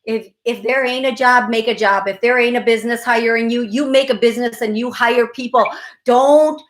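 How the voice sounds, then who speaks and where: Effusive psychic host, high voice. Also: female voice, a bit bright. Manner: effusive, emphatic, repeats phrases. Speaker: psychic medium radio show host. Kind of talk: call-in psychic reading.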